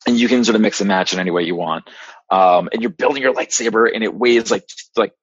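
Rambling low-voiced man telling a story. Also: fast, breathy edge, no echo. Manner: rambling and excited, many fillers and restarts. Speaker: podcast guest reporter. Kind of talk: casual storytelling monologue. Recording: dry, slightly dull lo-fi podcast audio.

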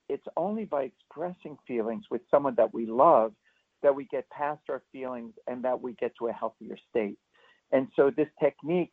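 A man speaking as a pediatrician guest, explaining parenting advice in an earnest way with lively demonstrations, calling in to a radio interview. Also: mid-range voice. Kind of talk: expert interview answers. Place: remote, not in the studio. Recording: tinny phone line into a radio show.

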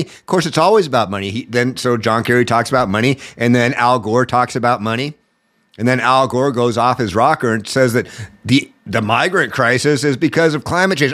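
Guy hosting a political podcast, sarcastic and fed up, mid pitch, ranting away. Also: expressive, fairly quick, fairly bright tone. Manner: sarcastic, mocking, exasperated. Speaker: podcast host. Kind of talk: political commentary rant.

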